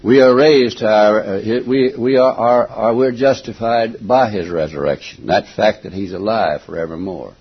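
An older man preaching a folksy, emphatic sermon, stopping now and then to clear his throat and going back over his words. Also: lowish voice, normal speed, hardly any pauses. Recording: dull lo-fi recording.

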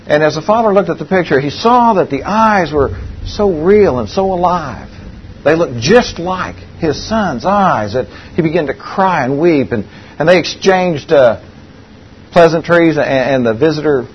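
A man's voice: a little high, slight background noise. A man preaching a sermon, telling a story in an earnest way and repeating key phrases. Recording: dull lo-fi recording.

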